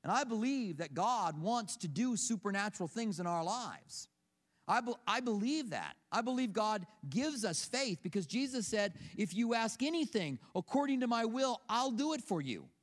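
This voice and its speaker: Male pastor, middle-aged, high-pitched, conversational sermon, rhetorical questions, reverberant sanctuary. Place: church sanctuary.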